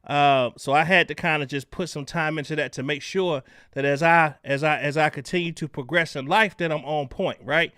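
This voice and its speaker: A man hosting a casual livestream chat, loud and animated as he greets viewers. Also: on the high side, moderate pace, hardly any pauses, clean tone, dry recording, studio quality. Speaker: livestream host.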